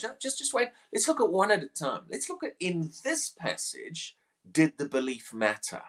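A man's voice: a little high, sing-song, moderate pace, fairly bright tone. A man preaching a short morning devotional, earnest and questioning, often repeating words as he presses a point.

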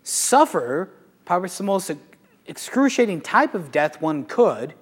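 A Catholic priest gives a talk to a live audience. He speaks conversationally in a slightly high voice. The sound carries a long hall reverb. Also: unhurried, breathy edge. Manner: conversational, animated, rhetorical questions. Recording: echoey hall.

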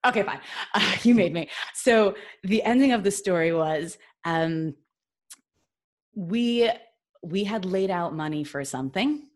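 A woman from New York, a podcast guest, telling a personal story in a chatty, animated way with lots of fillers and restarts. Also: mid-range voice, measured pace. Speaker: podcast guest, business consultant. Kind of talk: casual storytelling.

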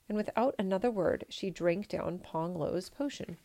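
A woman reading a children's storybook aloud in a gentle, measured way. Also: mid-range voice. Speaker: storybook reader.

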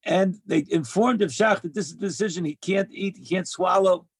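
A man speaks with a high, gravelly voice, earnest and emphatic as he repeats his key phrases. He delivers a heartfelt religious talk, sharing Torah lessons. The sound is dry and close. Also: moderate pace, dry recording.

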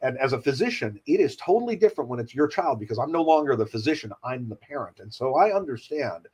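Husky middle-aged guy, a surgeon, calm reassuring talk, kinda breathy. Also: mid-range voice, rough recording. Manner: earnest, measured, reassuring. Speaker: pediatric surgeon. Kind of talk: podcast conversation.

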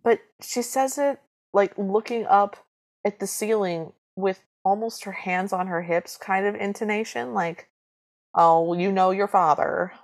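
A woman's voice: medium pitch, unhurried, a little mellow. A young woman co-hosting a podcast, chatting casually and wryly about a film, reading from her notes and acting out quotes. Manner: wry, reads from her notes. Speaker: podcast co-host. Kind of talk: casual chat recapping a film.

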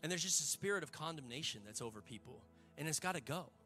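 A man's voice: on the high side, expressive, fast talker, pushed and bright, faint music behind. A male pastor, preaching a sermon to a church congregation in a fervent, conversational way with folksy asides.

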